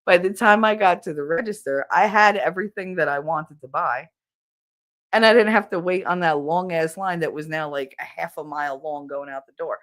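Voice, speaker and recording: A middle-aged woman hosting a casual livestream, spinning stories with constant laughter and plenty of swearing. Her voice sits a little low for a woman, and her telling is loose and animated. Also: moderate pace. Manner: animated, laughing storyteller who swears freely. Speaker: podcast host. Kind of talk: casual livestream chat with viewers.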